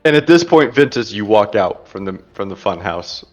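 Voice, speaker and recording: A man running a tabletop game as game master, narrating scenes casually with quick descriptions and fillers. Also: fairly low pitch, lively intonation, highs cut off, soft background music.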